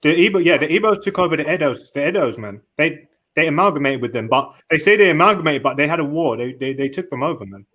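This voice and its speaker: A man calling in for casual chat, halting and often repeating words while he searches for them. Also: a little high, expressive, a bit bright, poor audio. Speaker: caller.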